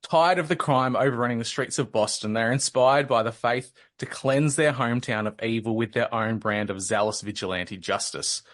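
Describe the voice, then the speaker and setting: Australian man, 30s, podcast host, easygoing and quick with a joke, mid-range voice. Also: mid-range voice, a bit bright. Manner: joking, laid-back storyteller. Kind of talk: casual podcast chat.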